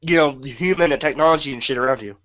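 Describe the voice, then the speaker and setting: A man's voice: medium pitch, fast, a bit bright. A young man co-hosting a podcast in casual chat, swearing and joking and laughing often. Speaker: podcast co-host. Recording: muffled lo-fi mic with faint hiss.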